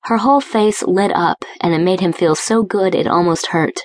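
A woman narrates a romance audiobook in a smooth, even storytelling voice. Her pitch sits on the low side, and the recording is dry and close, with no room sound. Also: normal speed, hardly any pauses, no echo. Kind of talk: scripted narration. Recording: dry close studio read.

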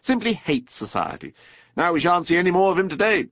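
A man voicing a cheerful, confident male water rat who talks in a brisk, hearty, chummy way in a storybook reading. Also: sits high, very animated, dry recording, pitched above the performer's own voice, full character voice. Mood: chatty. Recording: dull dry studio recording.

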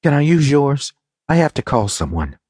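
A man voicing a frightened young woman on the run, pleading and high-strung, in an audiobook reading. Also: sing-song, normal speed, darkish tone, husky, no echo, clean studio sound. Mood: nervous.

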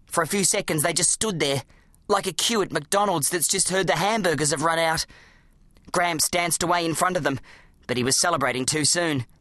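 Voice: mid-range voice, normal speed, a bit bright, no echo. Audiobook narrator, dramatic children's story reading, dry close studio sound. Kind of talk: scripted narration of a children's book.

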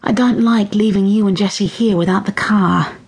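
A woman voicing a tired, worried mother in an audiobook, brisk and a little stern. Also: mid-range voice, fairly even intonation, a little mellow, breathy edge. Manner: brisk, admonishing.

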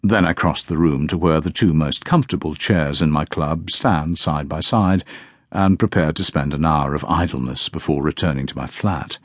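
A man giving unhurried, measured first-person narration of an audiobook. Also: a bass voice, no room sound, studio quality.

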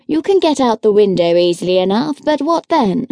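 In a dry recording, a woman uses a warm, medium-pitched, sing-song voice at normal speed. She's an audiobook narrator doing the character voice of a young male curate. His tone is wry, and he comes across as dry, teasing and matter-of-fact.

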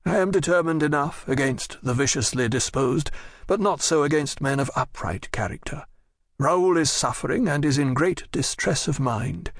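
Man doing an older nobleman, earnest, courtly, gravelly, dry close sound. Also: on the high side, moderate pace, no room sound. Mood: pleading. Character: dignified older male nobleman, earnest father.

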